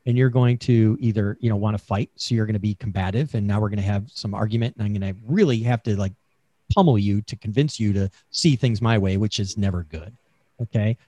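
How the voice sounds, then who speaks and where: Mellow-voiced man coaching on sales. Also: lowish voice, a little fast, no room sound. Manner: chatty, coaching, lots of fillers and asides. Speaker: sales expert guest. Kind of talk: casual podcast interview over a call. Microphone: remote call mic.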